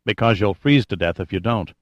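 A steady male rescuer, wry and reassuring, as a narrator plays him. He speaks gently and slips in dry jokes, keeping things light. Dry, slightly dull recording. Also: lowish voice, brisk, no room sound, natural voice. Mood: calm. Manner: soothing, joking, easygoing.

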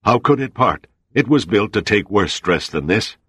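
A man voicing a male tugboat crewman who shouts through a storm. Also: low-pitched, moderate pace, slightly rough, no room sound, studio quality, pitched above the performer's own voice, heavily acted. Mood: urgent.

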